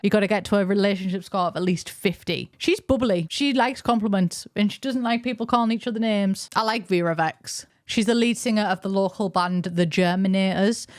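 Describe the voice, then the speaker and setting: A woman's voice: medium pitch, no echo, studio quality. A young woman narrating a game lore video in a chatty, jokey way, full of playful asides. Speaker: YouTuber.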